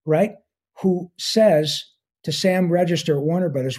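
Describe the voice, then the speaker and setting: A man in his sixties chats as a guest, talking with eager enthusiasm and wandering off into asides. His voice sits a bit high for a man but sounds mellow and warm, with a husky edge to it. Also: unhurried. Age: 60s. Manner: enthusiastic, rambling with fillers. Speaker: guest voice actor. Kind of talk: casual interview talk.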